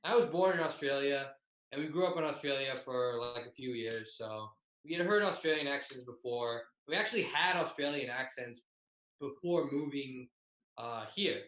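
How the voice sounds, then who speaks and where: Young man, comedian, bright edgy tone, self-mocking and profane, roomy video-call sound. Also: mid-range voice, lively intonation, moderate pace. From Bay Area, California. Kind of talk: tag-team comedic storytelling. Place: home over a video call.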